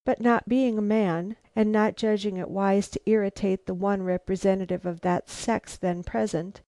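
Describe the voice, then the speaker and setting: Woman audiobook narrator, mellow and measured, dry close recording. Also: mid-range voice, dry recording. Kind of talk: scripted narration of a novel.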